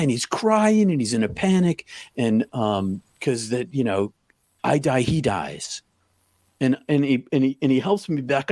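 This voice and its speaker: A middle-aged man telling a personal story in an interview, talking haltingly with many restarts. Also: medium pitch, expressive, dry recording, studio quality. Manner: halting, full of restarts, acts out quoted lines loudly. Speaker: podcast guest.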